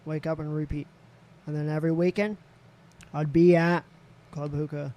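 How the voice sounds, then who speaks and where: A candid man telling a story on a podcast, his voice mellow and a little higher than most men's. He speaks in an even, level tone without much swing. A faint background hiss sits under him. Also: normal speed. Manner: candid, swears freely, voices others in quotes. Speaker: podcast guest. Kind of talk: casual storytelling.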